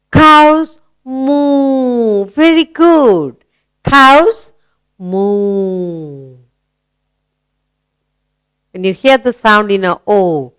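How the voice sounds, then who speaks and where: A woman's voice: mid-range voice, a bit bright, clean tone, dry recording. A woman teaching a grammar lesson to young children, asking questions and praising answers. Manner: slow, coaxing, asks questions and praises.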